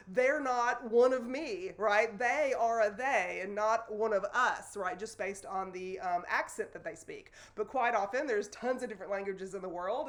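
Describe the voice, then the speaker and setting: A woman, teaching a sociology lesson to students in a loose, conversational way with fillers and self-corrections. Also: mid-range voice. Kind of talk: recorded classroom lecture. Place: classroom in front of a board.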